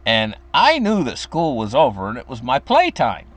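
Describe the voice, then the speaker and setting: A man's voice: medium pitch, wildly swooping pitch, normal speed, a bit bright. American guy in his 50s rambling thru a childhood story, chuckles here n there. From United States. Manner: meandering, chuckles while telling. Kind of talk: casual personal storytelling.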